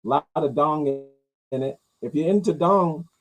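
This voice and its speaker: A man's voice: a little slow, rough recording. A man hosting a podcast, riffing casually and jokingly on comments, rambling and repeating himself. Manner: rambling, jokey, swings loud and high for bits. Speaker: podcast host reading comments.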